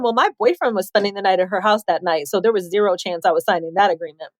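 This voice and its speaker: A woman in her forties from Chicago, telling her life story as a podcast guest, animated and laughing often as she acts out quotes. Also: mid-range voice, fast talker, hardly any pauses, no room sound, studio quality. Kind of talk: candid storytelling interview.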